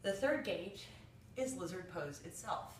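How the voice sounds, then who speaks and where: A woman's voice: fairly low pitch, animated, measured pace, a little hiss or hum. A woman teaching a yoga pose, encouraging and talking the viewer through it step by step. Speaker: yoga instructor. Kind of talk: spoken yoga tutorial. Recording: roomy echo, voice from a distance from the mic.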